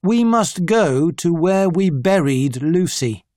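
A grave older doctor who hunts vampires, as a slow audiobook reader puts him on. He speaks in a calm, measured way with very unhurried pacing, and the recording is dry and close. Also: medium pitch, no echo. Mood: earnest. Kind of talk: audiobook character voice.

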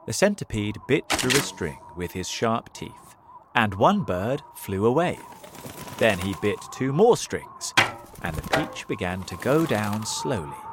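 A man reading a children's story aloud as a graded-reader narrator, clear and deliberate. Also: lowish voice, sing-song, a little hiss or hum. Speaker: audiobook narrator.

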